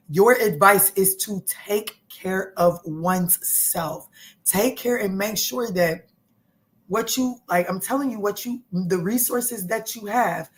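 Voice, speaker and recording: A woman hosting a live tarot reading stream, talking casually and excitably, swearing freely and repeating herself. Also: mid-range voice.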